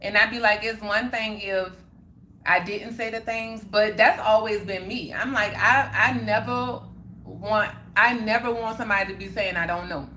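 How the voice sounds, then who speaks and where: A young woman talks casually to her livestream viewers and answers their comments. Her voice is bright and sharp. She is emphatic and keeps circling back to the same points. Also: mid-range voice, steady tone, normal speed, a little hiss or hum. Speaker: livestream host.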